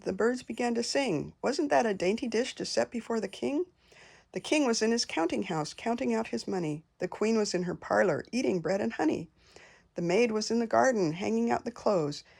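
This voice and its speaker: An older woman reading nursery rhymes aloud in a gentle singsong. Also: a little high, vocal fry. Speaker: storyteller.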